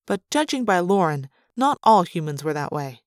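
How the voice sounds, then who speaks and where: Low-voiced woman reading a novel aloud. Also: very animated, moderate pace, dry recording, clean studio sound. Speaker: audiobook reader. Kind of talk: fan read-aloud of a novel.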